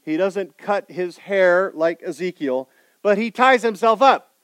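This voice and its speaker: A man preaching a sermon, putting rhetorical questions to his congregation and swinging between loud emphasis and quiet intensity. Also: high-pitched, expressive, a little slow, clean tone, no room sound. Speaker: pastor.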